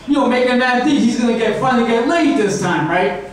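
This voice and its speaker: A man's voice: very high-pitched, fairly quick. A man doing crude, rambling stand-up comedy, checking in with the crowd with a constant "right?". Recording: echoey room from far off, faint noise.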